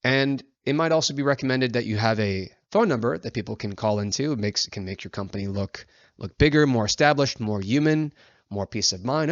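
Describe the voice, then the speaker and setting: A man's voice: mid-range voice, expressive, fairly quick, dry recording, dull audio. A man teaching copywriting in a casual, chatty way, full of fillers and acted-out example lines. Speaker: agency founder teaching copywriting. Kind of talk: casual instructional talk.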